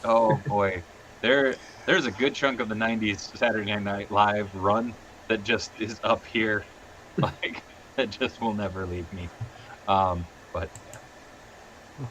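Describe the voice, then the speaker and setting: A man's voice: lowish voice, slight background noise, rough recording. A man hosting a casual livestream, chatting and laughing with friends while eating hot sauce on nuggets. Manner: laughing, animated, quick asides. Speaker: stream host.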